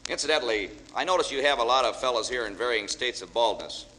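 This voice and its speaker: Male after-dinner speaker, fast folksy joke-teller, reverberant hall recording. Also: mid-range voice, lively intonation, pushed and bright. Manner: folksy storyteller, joking with audience. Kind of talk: humorous speech with jokes. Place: large banquet hall with audience. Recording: echoey hall, faint hiss.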